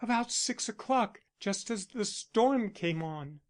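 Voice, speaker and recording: A man's voice: sits high, expressive, slow pace, voice pushed up. A man voicing a stern young woman. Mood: recounting. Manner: firm, matter-of-fact. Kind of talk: audiobook character reading.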